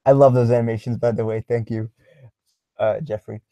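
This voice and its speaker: A young man hosting a casual livestream, reading viewer comments aloud in a halting way with many filler ums and small chuckles. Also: mid-range voice, steady tone, dark tone, dry recording, poor audio.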